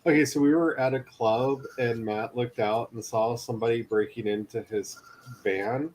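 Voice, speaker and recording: In casual chat, a man teases his friends and spins long, rambling anecdotes. His mid-range voice is steady and a little mellow at normal speed, with slight background noise.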